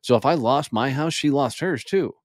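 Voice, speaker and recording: A man in his forties, a podcast guest, telling a candid story in a blunt, profane and animated way. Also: mid-range voice, moderate pace, dry recording, clean studio sound.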